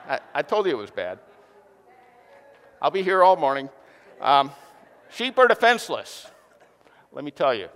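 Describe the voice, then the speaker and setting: A man preaching a sermon to a congregation, joking and lively, with asides to the audience. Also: mid-range voice, moderate pace, pauses often, smooth. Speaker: pastor. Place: church hall. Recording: long hall reverb.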